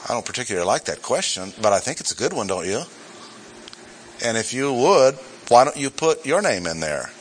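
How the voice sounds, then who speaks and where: A man's voice: medium pitch, sing-song, brisk, a little hiss or hum. A male pastor preaching a sermon in a church, emphatic, repeating key points and asking rhetorical questions.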